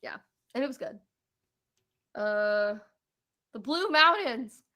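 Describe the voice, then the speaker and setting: A young woman with a fairly high voice chats as a podcast co-host. She tells a trip story in a loose, casual way, laughs often and acts out what people said. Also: animated, takes it slowly, pushed and bright, highs cut off.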